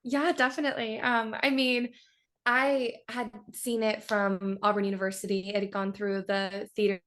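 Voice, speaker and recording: A woman's voice: medium pitch, level tone, moderate pace, a bit bright. A young adult woman voice actress speaking casually in an interview, easygoing with a few fillers.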